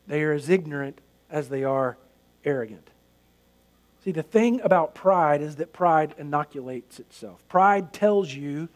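Man, high voice, pastor, sermon, earnest, emphatic repetition.

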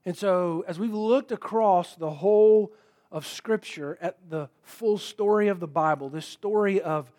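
A man with a high voice delivers a sermon in an earnest, emphatic way. He reads scripture aloud and poses rhetorical questions to his listeners. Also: unhurried, warm tone. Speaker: preacher.

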